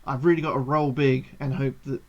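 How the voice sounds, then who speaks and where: A woman playing a game on a charity livestream, reading it aloud and reacting loudly with exclamations and swearing, on dull lo-fi stream audio. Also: very deep voice, fairly even intonation, fairly quick.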